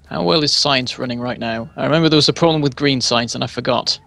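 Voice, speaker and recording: A man with a gravelly, bright voice talks casually while playing a multiplayer game with friends. He works his way through explanations, stopping often to fill gaps. The sound is crisp and close. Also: medium pitch, quick pace, no room sound. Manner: rambling explanations with fillers. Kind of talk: casual gaming chat.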